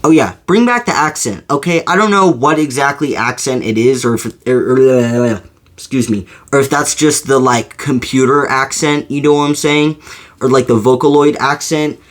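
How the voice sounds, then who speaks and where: A man talks through his opinion in a loose, unscripted way. His delivery is slow and halting, full of fillers and false starts. His voice sits at an ordinary middle pitch. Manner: rambling, full of fillers and restarts. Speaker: video creator. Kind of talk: casual opinion monologue.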